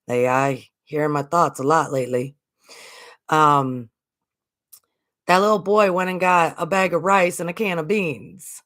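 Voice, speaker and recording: A woman's voice: deep voice, a little slow, pauses often, fairly bright tone. An American woman hosting a spiritual channel, talking in a casual, earnest way and repeating her points for emphasis. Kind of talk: casual spiritual vlog talk.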